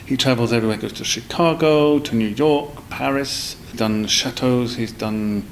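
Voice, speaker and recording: Guy on a podcast, bit of fry in his voice, rambles and restarts a lot. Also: medium pitch, moderate pace, a little hiss or hum, low-quality recording. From South East London. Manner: rambling, with many fillers and restarts. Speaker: guest. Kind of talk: casual storytelling in a podcast interview.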